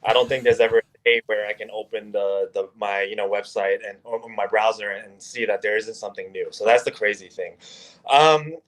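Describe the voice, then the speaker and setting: A man who founded a marketing agency, a guest on a podcast interview, speaking in a relaxed, casual way and laughing easily. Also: on the low side, a little fast.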